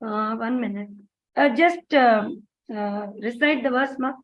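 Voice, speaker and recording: A woman's voice: on the high side, a little slow. A woman student asking hesitant questions in an online class over a video call. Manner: hesitant, many fillers. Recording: dull lo-fi audio.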